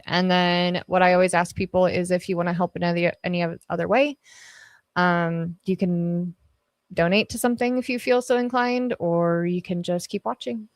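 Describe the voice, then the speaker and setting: A woman's voice: lowish voice, dry recording. A woman hosting a livestream, chatting casually with her viewers, swearing freely and laughing often, speaking into a podcast mic on an arm at her home setup. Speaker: livestream host. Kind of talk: casual livestream chat reading comments. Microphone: podcast dynamic mic on an arm.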